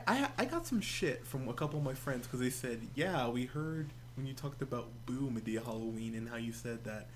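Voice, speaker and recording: A man co-hosting a movie review podcast, telling stories in an animated way and laughing as he talks. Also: mid-range voice, a little hiss or hum. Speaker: podcast co-host. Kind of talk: casual movie review chat.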